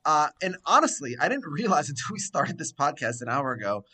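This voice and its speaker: A man's voice: on the high side, very animated, fairly quick, sharp tone, husky. A man co-hosting a podcast, giving wry, opinionated takes on an episode. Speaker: podcast co-host. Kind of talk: casual chat, reviewing an episode.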